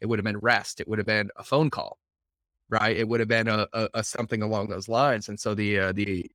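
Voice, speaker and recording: A man's voice: on the low side, flat delivery, a little fast, a bit bright, dry recording, studio quality. A man hosting a casual podcast conversation, talking energetically and repeating words for emphasis. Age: adult, working professional. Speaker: podcast host.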